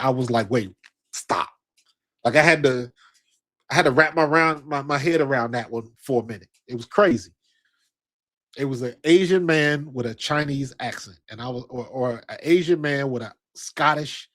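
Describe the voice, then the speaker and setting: Middle-aged American guy, stream host, casual chat, slangy, rambling, lots of restarts. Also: mid-range voice. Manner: loose, rambling, slangy, with frequent restarts and asides.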